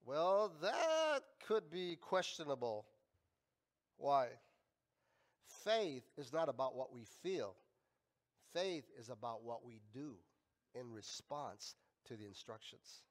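A male pastor preaching a sermon, emphatic and swinging between loud and quiet. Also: mid-range voice, very animated, slow. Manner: emphatic, rising and falling in volume.

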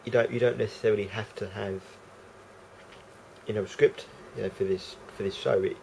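A man's voice: on the low side, fairly even intonation, a little fast, creaky, darkish tone, a little hiss or hum, rough recording. A man with a London accent rambling unscripted to camera, hesitant and full of fillers. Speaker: vlogger. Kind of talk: casual unscripted monologue to camera.

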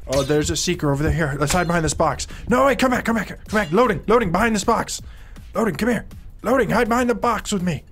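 A man commentating his own gameplay live, swearing a lot and jumping between low grumbles and excited yells. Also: fast, soft background music. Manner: excitable, swings from low mutters to yelling; heavy swearing, playful trash talk. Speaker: game streamer.

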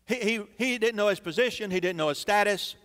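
A man's voice: high-pitched, fairly quick, a bit bright, clean tone. A man preaching a sermon as pastor, building emphasis through dramatic repetition in a church sanctuary. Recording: long church reverb.

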